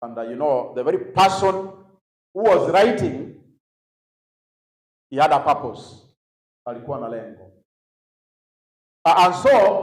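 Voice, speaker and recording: A man with a Kenyan accent leads a teaching session for young people in a big hall. His voice sits fairly high, and the room gives it a roomy echo. He drops in Swahili phrases and leaves gaps for the crowd to finish his sentences. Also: expressive, a little slow, pauses often. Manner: mixes English with Swahili phrases. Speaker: youth conference speaker. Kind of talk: teaching a session to a youth audience. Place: large echoey conference hall.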